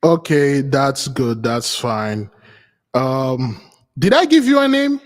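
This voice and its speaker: A man hosting his channel, talking casually and haltingly with many fillers. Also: mid-range voice, sing-song, in a large hall. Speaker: channel host. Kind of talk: casual talk with an AI.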